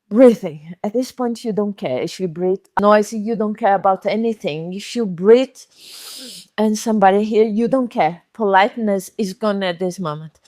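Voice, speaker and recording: A woman's voice: mid-range voice, unhurried, a little mellow, dry recording. A woman from Brazil with a Brazilian Portuguese accent, a native Portuguese speaker giving a storytelling motivational talk that acts out scenes with dramatic voices.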